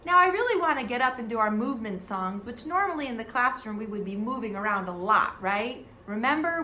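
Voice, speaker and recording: A woman's voice: fairly high pitch, sharp tone, echoey room, slight background noise. A woman teaching a preschool music lesson on video from home, seated, talking to small children in a sing-song teacher voice. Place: home, seated in front of a camera.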